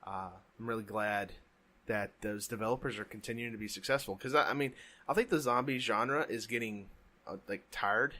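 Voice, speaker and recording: A man with a lowish voice chats casually as a podcast co-host. He rambles, trails off and restarts his sentences often. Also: sharp tone. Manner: rambling, halting with many restarts. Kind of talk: casual chat. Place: home, during a thunderstorm.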